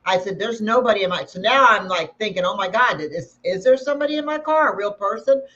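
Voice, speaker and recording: A woman's voice: mid-range voice, a little fast. A woman who is a paranormal investigator, casually telling a story and acting out each person's lines. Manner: animated storyteller acting out dialogue. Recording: dull lo-fi sound with faint noise.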